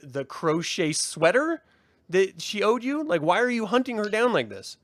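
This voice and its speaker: A man co-hosting a casual review podcast, talking in an animated way, swearing and mocking in impressions. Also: high-pitched, moderate pace, no room sound. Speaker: podcast co-host.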